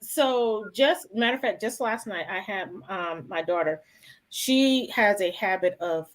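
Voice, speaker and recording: A middle-aged woman in a casual conversation, speaking calmly and earnestly about her life, with frequent restarts. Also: medium pitch, unhurried. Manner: reflective, calm and earnest, with many restarts.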